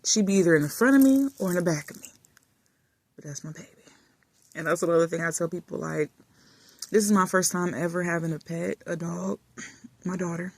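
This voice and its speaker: A woman vlogger chatting casually and affectionately while lying in bed in a dark room, often dropping to soft murmurs. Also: fairly low pitch, brisk, gravelly, pauses often, no room sound. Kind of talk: casual chat.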